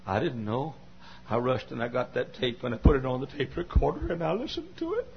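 Folksy older preacher, dull tape. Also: male voice, medium pitch, very animated, fairly quick, gravelly, crowd noise. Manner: folksy and repetitive, builds to shouting climaxes. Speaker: pastor. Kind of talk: sermon with personal testimony.

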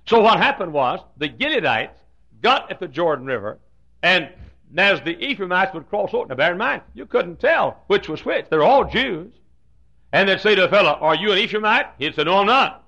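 A man with a Southern US accent preaching a humorous sermon, telling a story with joking asides and frequent throat clearing. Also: sits high, big pitch swings, moderate pace, bright, forceful tone. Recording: dull lo-fi sound.

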